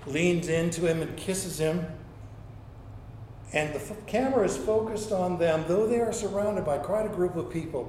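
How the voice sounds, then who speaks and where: A male pastor with a fairly high voice delivers a storytelling sermon. He acts out quoted lines and stumbles into repeated words. The room around him is echoey, with faint ambient noise underneath. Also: mellow.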